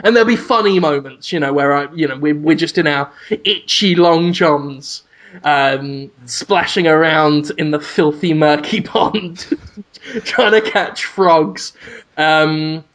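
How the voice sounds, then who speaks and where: A man's voice: a little high, slow, a bit bright. A man co-hosting a podcast, spinning absurd scenarios in playful, rambling, casual chat. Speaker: podcast co-host.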